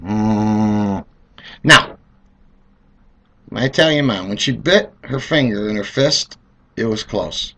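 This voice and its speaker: A middle-aged man telling comedic stories in a rambling, animated way, acting out voices. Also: mid-range voice, unhurried, gravelly, pauses often, slightly rough. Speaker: car dealer telling stories. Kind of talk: comedic monologue.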